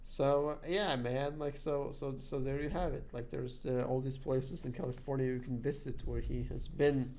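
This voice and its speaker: A man's voice: mid-range voice, steady tone, normal speed, hardly any pauses, darkish tone. A man hosting a podcast in casual chat, laid back and heavy on fillers, at times reading from notes. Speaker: podcast host.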